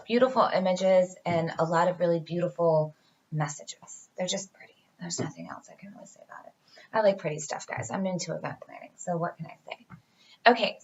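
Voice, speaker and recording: A woman's voice: lowish voice, lo-fi sound. A woman giving a casual tarot reading to her viewers, chatty and reassuring, talking straight to them. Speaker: tarot reader.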